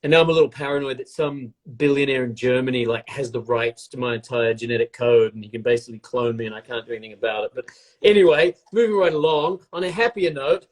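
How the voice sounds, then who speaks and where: A man's voice: medium pitch, fast. A man chatting casually on a live video stream while baking, joking and rambling in a self-mocking way.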